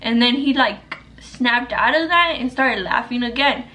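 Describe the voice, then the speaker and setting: Young woman, vlogger, fairly high voice, rambling, swearing a lot, casual storytelling to camera. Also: a little slow, bright, forceful tone. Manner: rambling, profane, filler-heavy.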